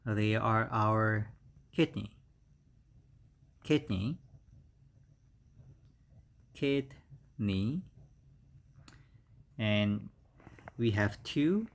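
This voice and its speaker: Slow, careful Korean-accented male teacher. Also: on the low side, vocal fry. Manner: slow, careful word-by-word delivery with repeated words and fillers. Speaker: English teacher. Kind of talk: slow vocabulary lesson.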